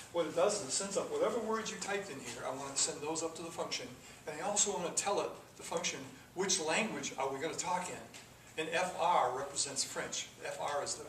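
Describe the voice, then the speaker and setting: A man's voice: on the high side, a little fast, few pauses, fairly bright tone. A man teaching a classroom coding lesson, talking through the code step by step with casual asides. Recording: echoey classroom from far off with noise.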